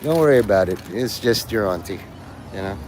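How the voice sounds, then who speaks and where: A man's voice: lowish voice, animated, brisk, noisy background. Man rambling on a live stream outdoors. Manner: meandering, offhand, provocative banter with viewers. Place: outdoors outside a convenience store.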